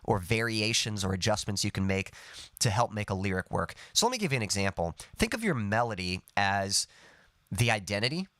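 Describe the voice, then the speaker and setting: A man's voice: fairly low pitch, lively intonation, fairly quick, a bit bright, no room sound. A man teaching songwriting on a live stream, explaining patiently and humming short melody snippets to show his points. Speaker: songwriting coach.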